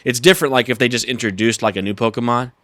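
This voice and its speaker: A man's voice: medium pitch, steady tone, quick pace, fairly bright tone, dry recording. A man co-hosting a casual podcast, earnestly explaining his opinions. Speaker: podcast co-host.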